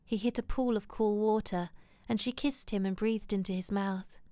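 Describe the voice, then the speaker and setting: A woman reading a romance novel aloud in a soft, intimate, often whispered way. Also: mid-range voice, fairly even intonation, moderate pace, dry recording, studio quality. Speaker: audiobook reader.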